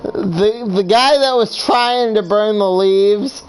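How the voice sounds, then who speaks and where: A podcast co-host in casual chat who speaks haltingly, with repeated false starts. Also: mid-range voice, a little hiss or hum, poor audio.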